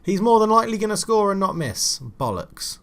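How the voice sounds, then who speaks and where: A man giving casual, exasperated commentary over a football management game, muttering then shouting as chances come and go. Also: high-pitched, brisk, creaky. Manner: swearing, exasperated, swings from mutters to excited shouts. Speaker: gaming channel host.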